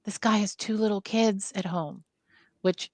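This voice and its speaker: A woman's voice: medium pitch, fairly even intonation, unhurried, no echo. A woman co-hosting a film podcast, talking earnestly and with empathy about a character. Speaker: podcast co-host. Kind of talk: casual film review chat.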